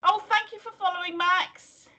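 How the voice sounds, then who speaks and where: A woman's voice: very high-pitched, fairly even intonation, normal speed, pushed and bright, dull audio. A woman co-hosting a livestream in casual chat, chatty and giggly, reading viewer messages aloud. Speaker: co-host of a livestream.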